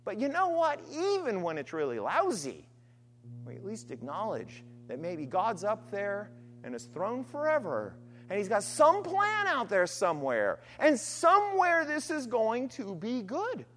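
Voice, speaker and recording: A woman preaching a sermon, earnest and emphatic, alternating forceful stress with quiet, trailing phrases. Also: mid-range voice, wildly swooping pitch, a little slow. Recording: long hall reverb.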